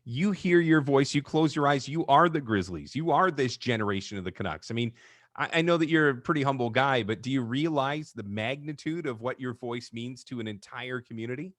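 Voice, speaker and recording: A man's voice: medium pitch, brisk, dry recording. A man hosting an interview, asking questions and telling stories with enthusiasm. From Canada. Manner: enthusiastic, animated storyteller. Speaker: podcast host. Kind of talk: interview host.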